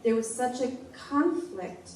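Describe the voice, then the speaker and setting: A woman in her forties giving a personal testimony at a church meeting, speaking in a halting, heartfelt way with frequent restarts. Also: fairly high pitch, expressive, darkish tone, slight background noise. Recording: echoey room, voice from a distance.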